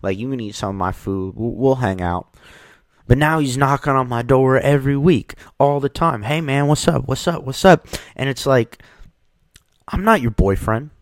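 A man's voice: mid-range voice, normal speed, dry recording, studio quality, voice pushed up, lightly acted. A man voicing a streetwise older chess hustler in his fifties who gripes in a laid-back, complaining way.

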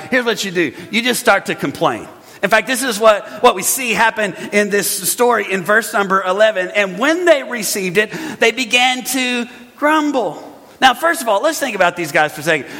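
High bright-voiced guy preaching, acts out whiny complainers, big hall echo. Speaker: pastor. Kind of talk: sermon. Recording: long hall reverb.

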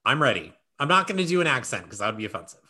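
A male podcast host in loose, casual chat who reads party-game prompts with playful amusement. His pitch swings widely as he talks. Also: big pitch swings, rapid-fire, bright, forceful tone, slightly rough. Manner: playful, laughs while reading aloud.

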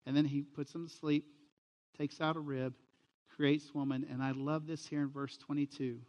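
A man's voice: on the high side, normal speed, in a large hall. A middle-aged man, a pastor, preaching a sermon and telling stories, livening them with quoted voices. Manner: storytelling, animated with quoted voices.

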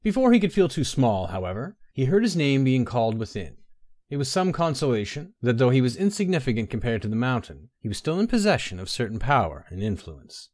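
A man narrating a fantasy story in a measured, even storytelling manner. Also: mid-range voice, no echo.

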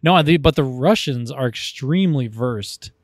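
A man co-hosting a casual comedy podcast, animated and jokey, often talking over his partner. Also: mid-range voice, normal speed, no room sound, clean studio sound. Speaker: podcast co-host.

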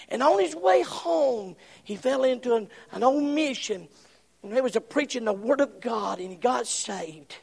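A man preaching a sermon, impassioned, swinging from shouts to hushed whispers. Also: very high voice, creaky, slightly rough, in a large hall.

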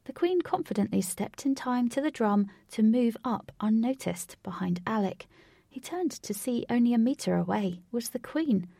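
Woman reading a story aloud, gravelly, warm low tone, dry close sound. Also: expressive, moderate pace, no room sound. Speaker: narrator. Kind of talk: storybook read-aloud narration.

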